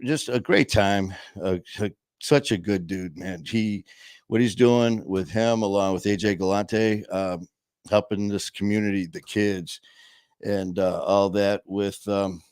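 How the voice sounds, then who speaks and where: Low-voiced guy hosting a chatty home-studio show, dry close sound, lots of uhs. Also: fairly even intonation, unhurried, darkish tone, clean tone, dry recording. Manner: rambling, lots of fillers and restarts. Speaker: podcast host. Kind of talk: casual chat. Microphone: headset.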